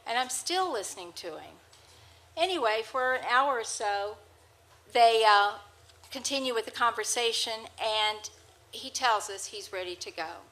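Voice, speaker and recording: A woman's voice: fairly high pitch, lively intonation, unhurried, pushed and bright, rough recording. A woman telling rambling anecdotes to a live audience, holding a microphone, with frequent restarts. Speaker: storyteller on stage. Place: presentation hall with an audience. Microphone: handheld microphone.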